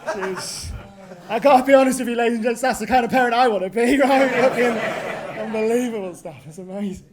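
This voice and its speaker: A woman's voice: a little high, normal speed, pauses often, background noise. Ranting woman comedian in her twenties. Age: 20s. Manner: swearing, ranting, tag questions. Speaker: stand-up comedian. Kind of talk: stand-up comedy set. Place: pub venue.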